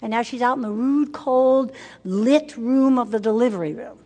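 A woman's voice: on the high side, moderate pace, warm tone. An older woman speaking to a group of mothers, emphatic and repetitive, asking the audience questions. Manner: emphatic, repeats words for effect, asks the audience questions. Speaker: women's ministry speaker. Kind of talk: teaching talk to mothers. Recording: long hall reverb.

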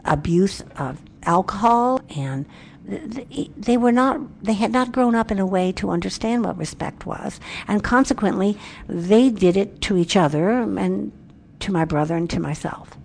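A woman speaker sharing a personal faith talk in an earnest, candid way. Her voice sits at an ordinary mid pitch, and her delivery is brisk and emphatic as she reflects on herself. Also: expressive, vocal fry, darkish tone, a little hiss or hum. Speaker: Christian speaker.

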